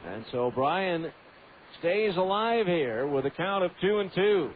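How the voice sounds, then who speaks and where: A male radio announcer calling baseball in a steady, stat-heavy play-by-play, in a fairly high voice. The broadcast sounds tinny and phone-like, with a faint hiss under it. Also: a little slow.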